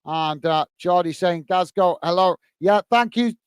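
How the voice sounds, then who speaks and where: A man's voice: high voice, a little slow, smooth, no echo. Chatty British man hosting a football watch-along. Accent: British English. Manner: chatty, greets viewers by name, frequent "uh" fillers. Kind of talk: live football commentary and chat reading.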